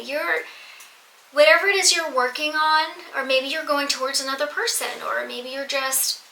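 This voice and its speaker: A woman reads tarot cards for her audience in a high, very bright voice. She is earnest and emphatic and often repeats a phrase to drive it home. The room is echoey, with a faint hiss underneath. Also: fairly even intonation, normal speed. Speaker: tarot reader. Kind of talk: tarot reading to viewers.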